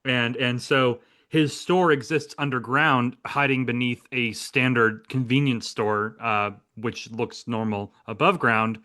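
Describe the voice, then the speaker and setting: Man, podcast host, casual chat, bright tense tone, keeps restarting his sentences. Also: mid-range voice, fairly even intonation, a little slow, hardly any pauses. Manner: rambling, restarts phrases often. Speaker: series co-creator and podcast host.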